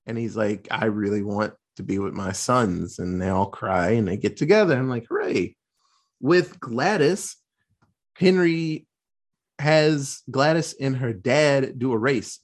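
A man casually recapping a film plot, swearing freely and acting out the characters' lines in quick put-on voices. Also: mid-range voice, slightly rough. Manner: loose, profane, acts out quotes in quick voices. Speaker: podcast host recapping a film. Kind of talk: casual chat.

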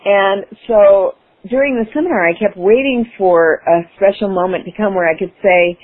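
A woman's voice: medium pitch, moderate pace, breathy edge. A woman guest in an interview, telling a personal story with enthusiasm, laughing and acting out her past self. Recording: phone-like radio broadcast.

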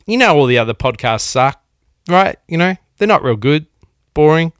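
A man's voice: a little high, animated, normal speed, clear, resonant tone, no echo, studio quality. A man hosting a podcast in a rambling, joking, profane casual monologue. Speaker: podcast host. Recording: music bed behind the voice.

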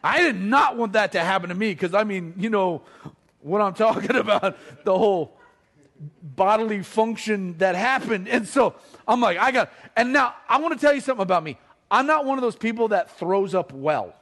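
A man's voice: sits high, moderate pace. A middle-aged man telling a comic family story to an audience, acting out the voices of his relatives. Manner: animated, acts out family members' voices.

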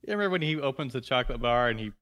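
A man's voice: medium pitch, animated, racing, a bit bright. Man with wry mumbled asides. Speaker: podcast co-host. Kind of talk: casual chat.

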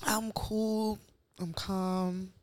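A woman's voice: mid-range voice, flat delivery, extremely slow. A woman co-hosting a podcast, laid-back and teasing, with lots of casual slang. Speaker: podcast co-host. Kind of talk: casual chat.

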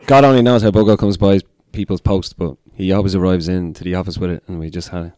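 A man's voice: deep voice, fairly even intonation, fast, mellow, no room sound, studio quality. A man co-hosting a casual radio show in easygoing chat. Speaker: radio co-host.

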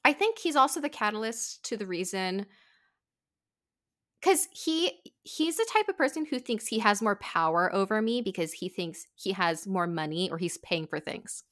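Bright, animated young woman telling a story. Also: normal speed. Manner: animated, acts out quotes with big pitch jumps. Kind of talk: casual storytelling chat.

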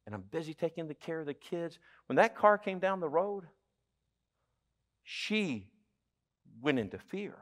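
A middle-aged male pastor giving a sermon, telling stories and swinging from hushed asides to loud appeals. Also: a little high.

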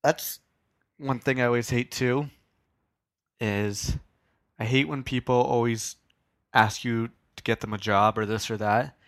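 A man's voice: mid-range voice, fairly even intonation, measured pace, pauses often, no room sound, studio quality. A young man hosting a solo podcast in a casual, rambling, self-deprecating way, swearing now and then. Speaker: podcast host.

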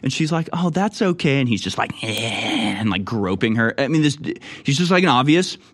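A man's voice: medium pitch, very animated, fast talker, a bit bright. A man hosting a political commentary show, reading news stories aloud and reacting with indignant, mocking remarks. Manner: indignant, mocking, puts on voices for people he quotes. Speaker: political talk show host.

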